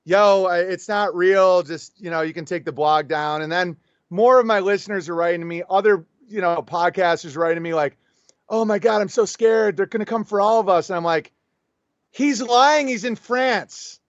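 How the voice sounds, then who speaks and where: In a casual conversational interview, a guest on a show tells an animated story, voicing both people in the exchange. His voice sits high and his delivery is brisk, and the audio is dull with no room sound.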